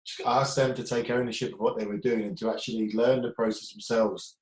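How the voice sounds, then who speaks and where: A man's voice: on the low side, fairly even intonation, a little fast, roomy sound, rough recording. A man hosting an interview, asking conversational questions and summing up what his guest says. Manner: conversational, summarizes the guest's points. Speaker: interviewer, host.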